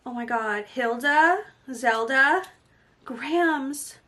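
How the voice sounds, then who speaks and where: Bright high-voiced excitable woman vlogger. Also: extremely slow. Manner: gushing, excitable, often breaks into soft exclamations. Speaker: beauty vlogger. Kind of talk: casual unboxing vlog.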